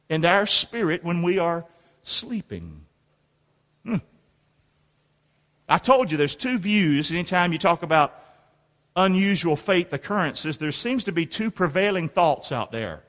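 A man preaching a sermon as pastor, in lively call-and-response with rhetorical questions to the congregation. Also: high voice, slow pace, long pauses. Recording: long reverb of a large hall.

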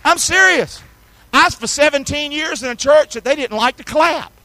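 A male pastor from North Carolina, preaching a sermon with enthusiasm, calling on the congregation to respond and swinging between loud and quiet passages. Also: very high voice, normal speed, low-quality recording.

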